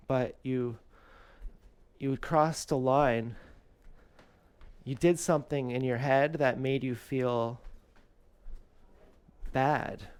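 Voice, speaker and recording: A man's voice: medium pitch, a little mellow, clean tone. A man vlogging at home, telling a rambling, candid personal story with many fillers and restarts. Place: home kitchen.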